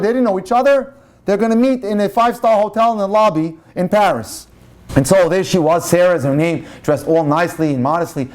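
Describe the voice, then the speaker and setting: A man, a rabbi, giving an inspirational lecture full of passionate storytelling. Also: a little mellow. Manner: passionate storyteller, turning low and solemn.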